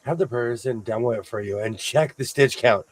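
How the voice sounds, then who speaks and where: A man hosting a sewing show, chatting casually with playful, animated storytelling. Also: mid-range voice, normal speed. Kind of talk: casual livestream chat.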